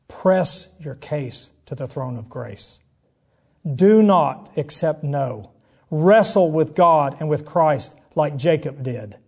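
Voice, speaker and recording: A middle-aged man preaching a sermon, telling a personal story and acting out the voices in it, swinging between hushed and loud. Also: on the high side, expressive, slow pace, breathy edge. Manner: dramatic storytelling, acts out quotes, swings between soft and loud.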